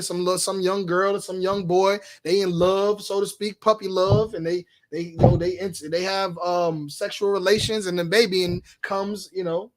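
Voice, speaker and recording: A man teaching a preaching-style class, asking "you understand?" again and again. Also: high voice. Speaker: street preacher.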